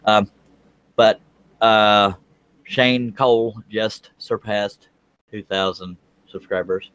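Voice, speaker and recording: A man with a fairly low voice hosts a casual panel over a video call. He jokes and teases his guests as he talks. His talk is loose and chatty. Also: fairly even intonation, slow, a bit bright, smooth, dry recording. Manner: joking, teasing. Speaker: host of a woodworking panel show. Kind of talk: casual chat.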